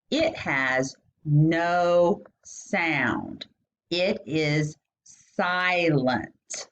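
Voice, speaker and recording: A woman with a fairly low voice teaches a phonics lesson at a very slow, deliberate pace. She stretches out each vowel sound and lifts her pitch when she asks a question. The recording sounds dull and lo-fi. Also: slight background noise.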